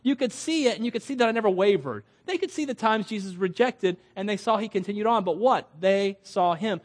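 A middle-aged man preaching a sermon in a conversational, animated way, with asides and laughter. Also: sits high, fast talker, hardly any pauses.

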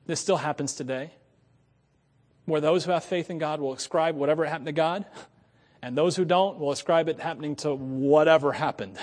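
A male pastor preaching a sermon, swinging between quiet asides and loud, emphatic passages. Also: a little high, normal speed, long reverb tail.

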